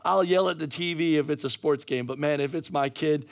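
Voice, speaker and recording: A middle-aged male pastor preaching a sermon with a hoarse, worn voice, swinging from casual asides to fired-up, near-shouted emphasis. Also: fairly high pitch, fairly quick. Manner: energetic, rising to near-shouting, conversational asides. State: hoarse, losing his voice.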